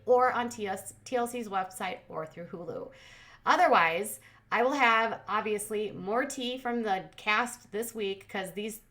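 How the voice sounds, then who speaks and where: An adult woman hosting a commentary channel, recapping a reality show in a quick, sarcastic, casual way. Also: medium pitch, bright, forceful tone. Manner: fast-talking, sarcastic.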